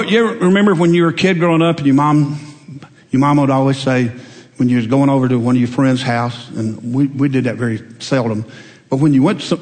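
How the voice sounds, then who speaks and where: A man pastor preaching a sermon, folksy and conversational, telling homespun stories and rising to emphatic peaks. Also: mid-range voice. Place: church sanctuary. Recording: long hall reverb.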